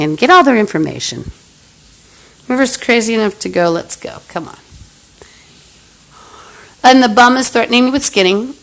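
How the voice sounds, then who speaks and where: A woman's voice: fairly low pitch, expressive, normal speed, long pauses, a bit bright, low-quality recording. A woman on a phone livestream, hurling profane, hostile abuse at unseen listeners in an angry rant. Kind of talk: angry live-stream rant.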